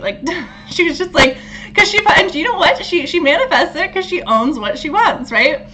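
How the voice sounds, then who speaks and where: Woman, astrology host, casual talk, bright voice, animated, frequent laughter. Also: high-pitched, moderate pace. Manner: animated, laughs often, swears freely.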